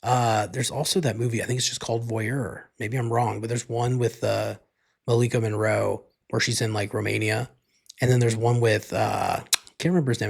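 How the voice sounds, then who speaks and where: A man hosts a solo podcast, rambling casually through a movie recap in a mid-range voice with vocal fry and a breathy edge. He's laid-back, leans heavily on "like," and swears freely.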